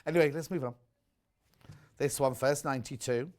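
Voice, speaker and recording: A man presenting on a live shopping channel, chatting warmly about fabrics and reading out viewer messages. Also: mid-range voice, normal speed. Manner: chatty, gushing over products, reads viewer messages aloud. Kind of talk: live TV sales chat. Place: TV studio.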